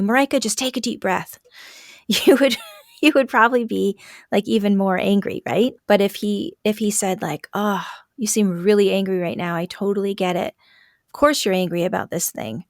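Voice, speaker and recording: A woman coaching a parent on a call, speaking in a gentle, empathetic way with frequent fillers. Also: lowish voice, dry recording, clean studio sound. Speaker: parenting coach and podcast host.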